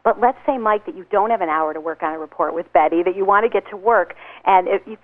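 A woman's voice: on the low side, fast. A woman author giving enthusiastic advice in an interview, speaking over the phone. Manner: enthusiastic, acts out little scenes. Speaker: author and guest. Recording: tinny phone line.

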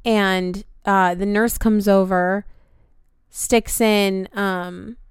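A woman in her twenties hosts a podcast and tells a story in an animated, casual way, swearing freely. Her voice is smooth and clear. The recording is close and dry. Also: mid-range voice, extremely slow, no room sound. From United States. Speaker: podcast host.

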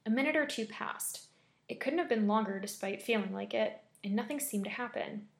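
A woman reading a scary story aloud with steady, measured storytelling. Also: on the high side, creaky. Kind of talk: scripted horror story narration.

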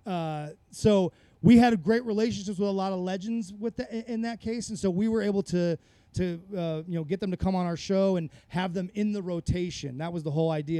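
A man's voice: high-pitched, dark tone, no room sound. A man, a podcast guest, telling rambling, profane stories in a casual chat on a close mic. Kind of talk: casual conversational storytelling.

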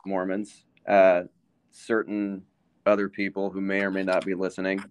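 Deep-voiced, wry man podcast host. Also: completely flat delivery, normal speed, clean tone. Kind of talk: casual chat.

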